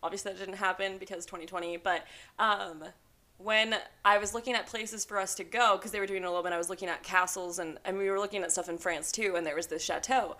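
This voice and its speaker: Bright, giggly young woman podcast host. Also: medium pitch, fast talker. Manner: excitable, giggly, storytelling with many fillers. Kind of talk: casual chat.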